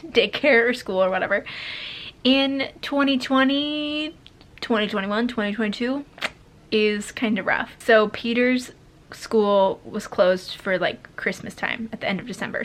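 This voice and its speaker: A woman's voice: a little high, a bit bright. A young woman vlogging a candid life update as a mom, talking in a rambling way full of fillers and restarts, emotional and close to tears at times.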